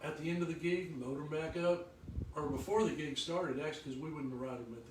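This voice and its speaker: A man with a drawl spins loose, rambling stories from life on the road, his voice sitting a touch high. He sounds set back from the mic in a roomy, echoing space with a faint hum of ambience behind him. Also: quick pace, distant mic. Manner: rambling, with lively acted quotes. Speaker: former touring musician telling road stories. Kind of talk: casual storytelling chat. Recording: echoey room, voice from off-mic.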